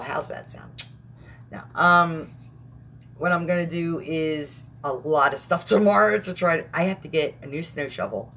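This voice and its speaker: A woman's voice: low-pitched, a bit bright, slight background noise. A young woman vlogger chatting casually on a live stream, rambling and laughing often.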